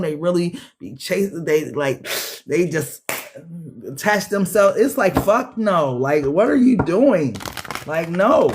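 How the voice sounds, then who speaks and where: High-voiced cussing male tarot reader. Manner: profane, animated, calls viewers beloved. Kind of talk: casual streetwise tarot reading.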